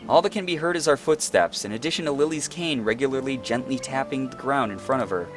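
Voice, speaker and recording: A man's voice: mid-range voice, fast talker. A young man reading a visual novel aloud and adding playful, joking commentary, over faint guitar music. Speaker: let's play host.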